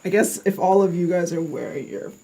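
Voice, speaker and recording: A woman's voice: fairly low pitch, fairly quick, slightly rough. A woman playing a tabletop game, joking playfully with the table. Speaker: player. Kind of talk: casual chat at a game table. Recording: loud background noise.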